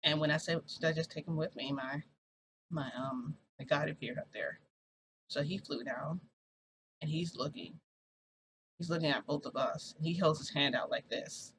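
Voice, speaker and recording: A woman's voice: low voice, moderate pace, pauses often, background noise. A woman vlogger telling a long story in a casual, rambling way, swearing and acting out what people said.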